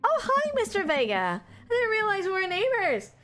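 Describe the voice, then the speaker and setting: A woman voicing a cheerful teenage girl, reading game dialogue aloud in a bright, chirpy way. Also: very high voice, wildly swooping pitch, moderate pace, voice pushed up, exaggerated voice.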